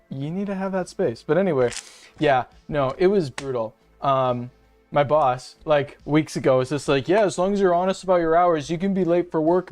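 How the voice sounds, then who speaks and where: A young streamer, self-described femboy, ranting casually and profanely to viewers at a home setup. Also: mid-range voice. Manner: profane, rambling, venting. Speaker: streamer, host of the channel. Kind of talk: casual ranting livestream chat. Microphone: webcam and desk mic at home.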